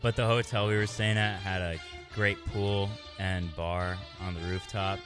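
A man chatting casually on a show, talking in a flat monotone with many pauses and fillers. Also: deep voice, over music. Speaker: show regular. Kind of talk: casual chat.

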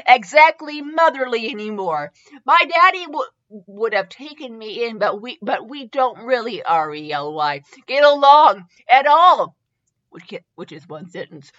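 A woman's voice: high voice, fairly bright tone. A young woman hosting a comedy show, reading a fanfiction aloud with mocking asides and spelling out the misspelled words. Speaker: podcast host. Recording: dull lo-fi podcast audio.

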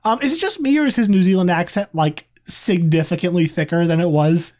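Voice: mid-range voice, brisk, darkish tone. A podcast co-host in a casual review chat, talking in a chatty, rambling way with many asides.

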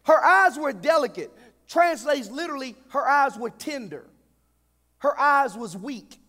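A man's voice: extremely high pitch, expressive, a little slow, sharp tone. A male pastor delivering a humorous sermon, calling out for the congregation to answer back. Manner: humorous, call-and-response preaching. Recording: echoey hall.

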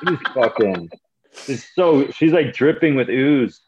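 A man's voice: mid-range voice, takes it slowly, muffled recording, a little hiss or hum. A young man, a comedian telling rambling, profane stories in a casual podcast chat. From Canada. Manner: rambling, profane, animated storytelling. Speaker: comedian guest.

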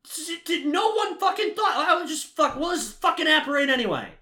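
A man co-hosting a casual movie review podcast, ranting with lots of swearing, swinging from heated shouting to low muttering. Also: sing-song, brisk. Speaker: podcast co-host.

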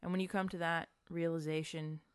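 A woman's voice: fairly low pitch, little pitch movement, fairly quick, smooth, dry recording, clean studio sound. A woman casually narrating an improvised hypothetical scenario to a friend, quoting the characters in it. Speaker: host posing a hypothetical.

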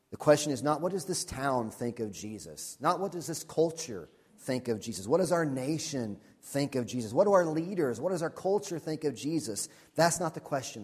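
A man preaching a sermon as pastor, earnest and emphatic, repeating questions and dropping to a quiet, intense voice for key points. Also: medium pitch, slightly rough.

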